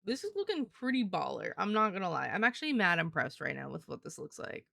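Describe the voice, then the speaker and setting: Gravelly young woman streamer, rambling. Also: lowish voice, very animated, fast talker, pushed and bright, no echo, clean studio sound. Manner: rambling, profane, heavy use of "like". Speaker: live streamer. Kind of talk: casual live-stream chat.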